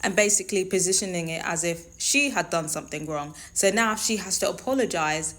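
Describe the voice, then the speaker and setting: A woman's voice: on the low side, a little fast, a bit bright. Opinionated woman host. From London. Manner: opinionated, emphatic, conversational. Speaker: show host. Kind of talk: reality TV commentary.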